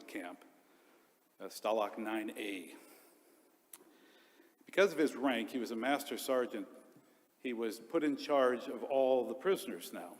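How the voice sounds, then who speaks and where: A deacon delivers a homily in a middle-pitched voice, a man speaking earnestly in short, paused phrases. His words ring out with the long reverb of a church around him.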